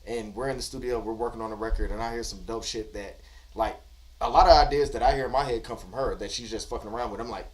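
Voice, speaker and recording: A man's voice: mid-range voice, fairly even intonation, fast talker, distant mic. A man speaks earnestly as a guest producer in a recording studio, explaining his working methods in long stretches. He sits a little back from the mic. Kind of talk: casual chat.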